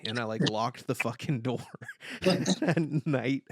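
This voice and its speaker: A young man hosting a podcast, telling a story in casual chat, animated and swearing, loudly yelling the lines he quotes. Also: medium pitch, takes it slowly, no room sound, clean studio sound. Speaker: podcast host.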